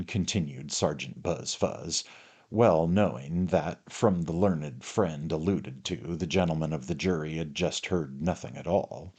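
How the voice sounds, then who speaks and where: A man narrating a classic novel in a measured, formal reading. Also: extremely low pitch, a little mellow, husky. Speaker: audiobook narrator.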